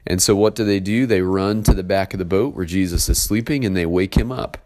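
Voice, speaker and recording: A man with a very low voice delivers a sermon, first reading scripture aloud and then unpacking it. His explanations sound unhurried and conversational, with plenty of pauses and filler words. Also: darkish tone. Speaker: pastor.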